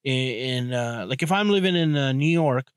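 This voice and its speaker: Recorded cleanly in a studio with no echo, a young man talks through a casual solo podcast monologue, loose and blunt with crude asides, profanity, many restarts and plenty of "you know". His medium-pitched voice is smooth and animated at a normal speed.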